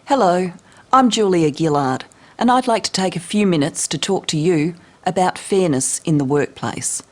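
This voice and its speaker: A man doing an impression of a middle-aged female prime minister, with an exaggerated Australian accent and a slow, overly formal delivery. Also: sits high, expressive, voice pushed up. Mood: mock-formal.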